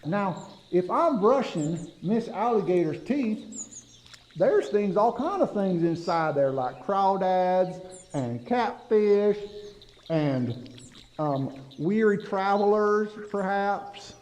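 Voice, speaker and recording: Man doing a backwoods storyteller, goofy, folksy drawl, high voice, slow, swooping pitch. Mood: folksy teaching. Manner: drawling, folksy, animated, talks to kids. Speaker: kids' dental educator. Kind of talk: comic storytelling for children.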